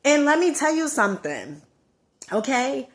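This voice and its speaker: A woman's voice: high-pitched, big pitch swings, unhurried. Emphatic Southern woman giving a pep talk. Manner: emphatic and preachy, repeats phrases, calls viewers honey. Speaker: motivational vlogger. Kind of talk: motivational talk to camera.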